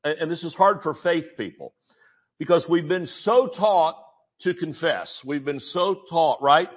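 A man preaching a sermon as pastor, telling stories with animated asides and mimicking voices in quotes. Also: on the high side, unhurried, breathy edge, muffled recording.

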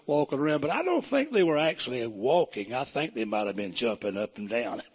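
Husky preacher telling folksy stories. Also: male voice, mid-range voice, brisk. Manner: folksy, humorous, animated. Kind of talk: folksy storytelling sermon.

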